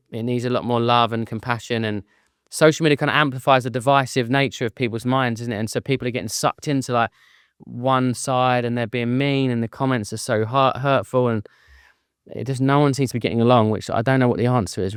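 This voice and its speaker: An English man speaking as a guest in an interview, earnest and candid about feeling low. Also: fairly even intonation, fairly quick, clear, resonant tone, no room sound, studio quality.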